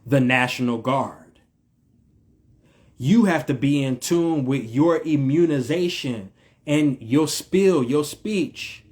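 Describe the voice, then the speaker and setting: A man's voice: medium pitch, takes it slowly, darkish tone. A man from the United States giving an emphatic, repetitive spiritual monologue in a vlog, in slangy speech with a preacher-like cadence. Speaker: vlogger.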